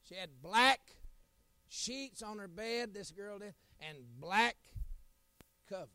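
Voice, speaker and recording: A middle-aged man, an evangelist preaching a sermon, telling folksy stories and building to loud, shouted appeals. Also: high voice, animated, slow pace, clean tone, no room sound.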